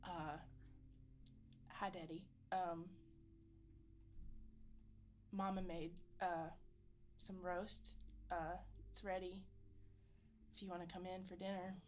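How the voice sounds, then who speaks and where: A woman playing a shy, tender young woman coming home, who speaks in halting, hesitant phrases in a tabletop game. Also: fairly low pitch, flat delivery, slight background noise.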